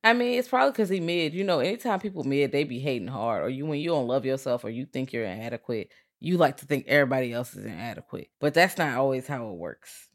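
As if to the actor: a low-voiced woman, slangy and emphatic. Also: expressive, quick pace, few pauses. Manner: slangy and emphatic, teasing her co-host. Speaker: podcast co-host. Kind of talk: casual film chat.

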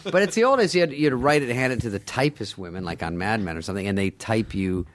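A man telling stories in casual chat as a podcast guest, acting out other people's lines with lively changes of voice. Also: on the low side, quick pace, a little hiss or hum. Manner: animated storyteller, acts out other people's lines. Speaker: podcast guest, former sketch comedy cast member.

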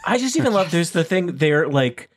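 Guy with a higher voice riffing on a movie, dry close sound. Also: sing-song, moderate pace, no echo. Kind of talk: casual movie discussion.

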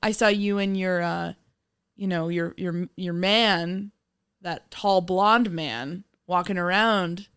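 A woman's voice: fairly low pitch, a bit bright, smooth, no echo, clean studio sound. A woman putting on a hesitant, overly polite stranger calling about a lost license. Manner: hesitant, halting, fumbling for words.

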